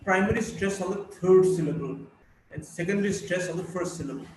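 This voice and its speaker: Teaching phonetics, this Indian English-accented college lecturer reads out words one by one and spells their suffixes aloud, slowly working through a list. He speaks a little slowly in a high, slightly mellow voice with lively intonation, captured by a distant mic in an echoey room with a faint hiss.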